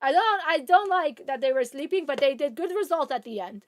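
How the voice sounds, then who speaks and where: A young Canadian woman imitating her blunt older Hungarian immigrant grandmother in halting, plain phrasing. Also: high voice, animated. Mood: grumbling.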